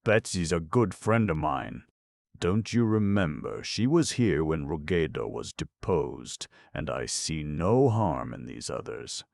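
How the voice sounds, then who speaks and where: A man voicing a fussy, excitable male gnome king who bursts into shrill, indignant shouts. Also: unhurried, vocal fry, no echo, clean studio sound, exaggerated voice. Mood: firm.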